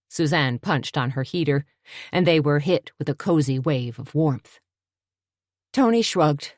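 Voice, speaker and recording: A woman narrating an audiobook in a steady, measured storytelling voice. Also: sits low, no echo, studio quality.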